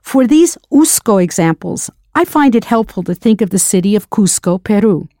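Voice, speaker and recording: A woman's voice: medium pitch, expressive, moderate pace, warm tone, no echo, studio quality. A woman teaching a recorded language lesson, spelling words out letter by letter and asking the listener to answer. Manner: spells words letter by letter, then prompts the learner.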